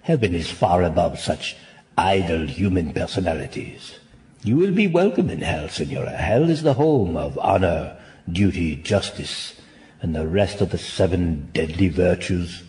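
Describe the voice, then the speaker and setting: A man's voice: sits low, animated, a little slow, darkish tone. An actor playing a weary, sardonic nobleman damned to hell, in a classic stage-play delivery. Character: weary, ironic damned nobleman, male adult.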